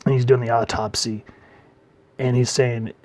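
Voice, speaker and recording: Relaxed man reviewing a comic. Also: mid-range voice, moderate pace. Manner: relaxed, trails off quietly at phrase ends.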